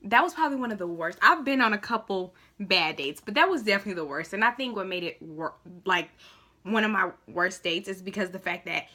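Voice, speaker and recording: Woman in her 20s, storytime vlogger; animated, exasperated, slangy delivery with a bright tone. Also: mid-range voice, a little fast. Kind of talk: casual storytime vlog.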